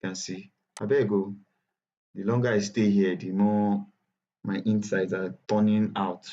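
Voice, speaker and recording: A man with a Nigerian English accent teaching a live online software class, chatty and repetitive, often correcting himself. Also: on the low side, little pitch movement, normal speed, highs cut off. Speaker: bootcamp instructor.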